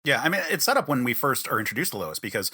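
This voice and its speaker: A man's voice: medium pitch, very fast, husky. A man in casual podcast chat, talking with eager enthusiasm. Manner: lively, enthusiastic, chimes in with eager agreement. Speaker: podcast panelist.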